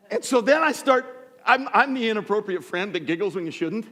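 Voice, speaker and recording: A man's voice: very high-pitched, brisk, big-room sound. A middle-aged male pastor telling funny personal stories in a sermon, self-deprecating and acting out voices. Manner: animated storytelling, self-deprecating humor, acts out voices. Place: church sanctuary.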